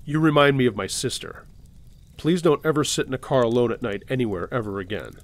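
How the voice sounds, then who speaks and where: A man's voice: medium pitch, brisk, lightly acted. A man reading as a grim masked kidnapper. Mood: quiet. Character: masked male kidnapper, grim, quietly protective.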